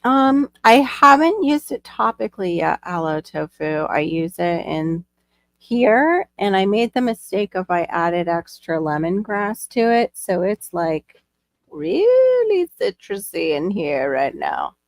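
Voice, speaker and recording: A woman's voice: medium pitch, lively intonation, unhurried. A woman hosting a live stream, chatting casually and bubbly, laughing easily. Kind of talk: casual chat.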